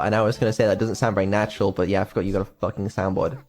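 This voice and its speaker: A man's voice: lowish voice, rapid-fire, hardly any pauses. A man streaming as a developer, talking casually with lots of ums and dry sarcasm. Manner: mumbling, hesitant, many ums, dry sarcasm.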